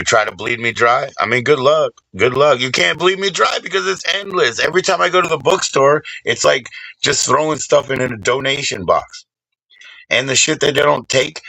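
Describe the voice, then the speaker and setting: Bright, rambling male streamer. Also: mid-range voice, creaky, dry recording, low-quality recording. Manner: rambling, profane, shouting out viewers by name. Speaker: live streamer. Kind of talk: casual chat with live stream viewers.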